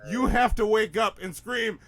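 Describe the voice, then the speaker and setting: A man's voice: high voice, normal speed, very noisy. A man co-hosting a comedy podcast in casual chat, emphatic and repeating himself for effect. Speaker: podcast co-host.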